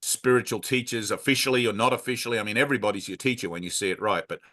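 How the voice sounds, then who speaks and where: A man's voice: on the low side, rapid-fire, fairly bright tone. A man leading a casual spiritual talk, speaking bluntly and frankly, swearing freely, and wandering through asides. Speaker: spiritual teacher leading a satsang.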